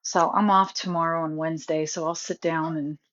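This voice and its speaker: Fired-up woman ranting to her phone, kinda low voice, muffled lo-fi sound, keeps going off on tangents. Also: steady tone, normal speed, a bit bright. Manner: indignant, rambling, talks over herself. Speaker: vlogger. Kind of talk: casual rant to camera. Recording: dull lo-fi phone audio.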